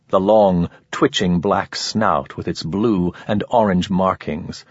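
A man with a low, husky voice reads a story in measured, dramatic narration. The room is dead dry, and the sound is slightly dull and lo-fi. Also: no echo. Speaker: audiobook narrator. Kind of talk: scripted narration.

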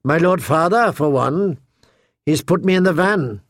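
A man reading as a sardonic dwarf lord from a fantasy story, his voice raised and gravelly with a dry, close sound. He is quick with wit and barks orders when rushed. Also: fairly high pitch, animated, no echo. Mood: wry. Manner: dry, barking, impatient. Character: sardonic dwarf lord, sharp-tongued and commanding.

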